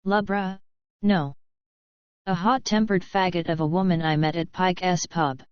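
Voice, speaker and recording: A woman reading as a rough outback cattleman. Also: on the low side, steady tone, measured pace, no room sound, dull audio, close to an everyday voice. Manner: broad rustic bush drawl, dropped g's. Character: rough blunt middle-aged male outback cattleman. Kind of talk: audiobook character reading.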